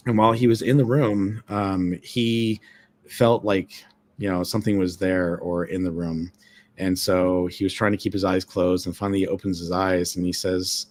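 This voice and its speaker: A man with a fairly low voice tells a ghost story in a casual live chat. He rambles, stacks up fillers, and acts out everyone he quotes in short bursts. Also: darkish tone. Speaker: guest storyteller, former ship employee.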